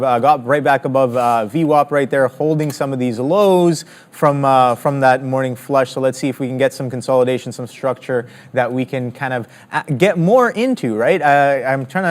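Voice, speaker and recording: A man co-hosting a live trading stream, walking through his trades. His voice sits at an average pitch, and he rambles with lots of "uh"s and restarts as he explains his plan. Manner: rambling, hesitant with many fillers. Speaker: trading show host. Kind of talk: live market commentary.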